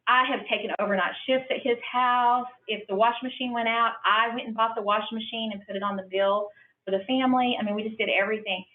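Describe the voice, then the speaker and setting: A woman's voice: fairly high pitch, fairly even intonation, fast. A middle-aged woman, telling a heartfelt personal story to a conference audience in an earnest, emotional way. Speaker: franchise owner speaking at a business conference. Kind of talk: personal testimony talk. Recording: far-off, echoey, phone-like hall audio.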